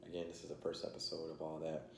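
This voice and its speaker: A man's voice: extremely low pitch, completely flat delivery, quick pace, vocal fry. A man hosting a casual vlog, rambling with many fillers while he eats his meal. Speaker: channel host. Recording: echoey room, faint background noise.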